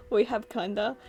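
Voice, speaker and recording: A woman talks in a relaxed, unhurried way on a live drawing stream. Her voice sits a little high, and she keeps breaking into giggles. Soft music plays quietly in the background. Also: slightly rough. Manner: giggly, laughs constantly. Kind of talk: casual live-stream chat while drawing.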